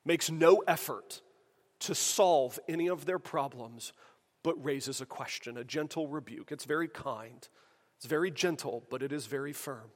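A man's voice: a little high, unhurried. A man preaching a sermon in a conversational way, asking the room rhetorical questions. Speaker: pastor. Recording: long hall reverb.

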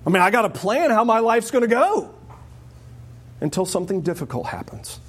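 A man preaching a sermon in a lively, joking way, often acting out the voices of the people he quotes. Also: high-pitched, brisk, husky. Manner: animated, jokey, acts out quoted voices. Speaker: pastor.

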